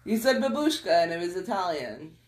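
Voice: medium pitch, very animated, fairly quick. A young adult fact-checking and correcting the others in a casual watch-along chat. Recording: roomy echo.

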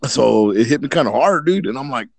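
On a podcast, a co-host with a mid-range, creaky voice spins a long, rambling tale at a brisk pace, his intonation lively. He curses a lot and imitates the people involved. The recording is dry.

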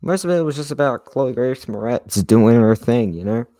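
A man's voice: medium pitch, lively intonation, moderate pace, dark tone, no room sound. A man co-hosting a podcast, chatting casually about a film in a laid-back way and often tacking on "dude" and "you know". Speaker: podcast co-host.

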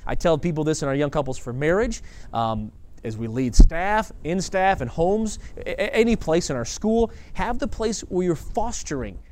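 Animated man telling church stories. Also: a little high, normal speed. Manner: animated storytelling with quoted dialogue; frequent repetitions and restarts. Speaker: church staff leader. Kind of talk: conference teaching talk.

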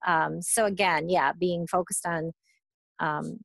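A woman's voice: fairly low pitch, steady tone, slow, creaky, fairly bright tone, no echo. A woman therapist talking through advice in a thoughtful, hesitant way, with many fillers and restarts. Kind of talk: casual conversational advice.

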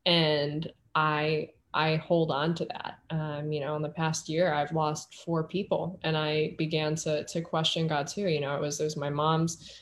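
A young woman speaking earnestly in a podcast conversation over a video call, halting and restarting as she talks. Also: deep voice, little pitch movement, slight background noise. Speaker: guest, author and model.

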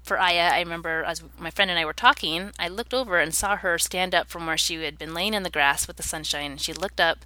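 Earnest woman with a bright tone. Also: lowish voice, fairly quick, hardly any pauses, no room sound. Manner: earnest and reflective. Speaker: interview guest. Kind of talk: personal storytelling in conversation.

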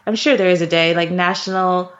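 A woman's voice: on the low side, fairly even intonation, a little fast. A woman co-hosting a podcast, chatting casually and laughing often. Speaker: podcast co-host. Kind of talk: casual chat. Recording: dull lo-fi sound.

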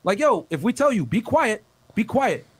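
A man's voice: high-pitched, sing-song, normal speed, breathy edge. A man producing a podcast, sternly scolding the guests and laying down the rules in blunt, profane language.

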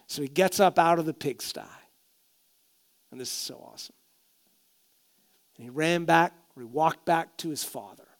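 A male pastor preaching a sermon, telling stories expressively, dropping to a hush and then rising loud. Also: a little high, normal speed, pauses often.

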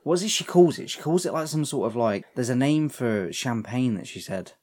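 A man's voice: mid-range voice, expressive, fairly quick, a little mellow. Podcast guy reviewing a movie, casual and sweary, laughs a lot. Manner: laid-back, sweary, laughing often. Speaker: podcast co-host. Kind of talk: casual film review chat.

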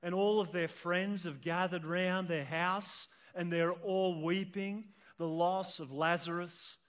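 A male pastor preaching an impassioned sermon to a church congregation with children present, swelling to shouts at emotional peaks. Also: sits high, fairly even intonation, takes it slowly.

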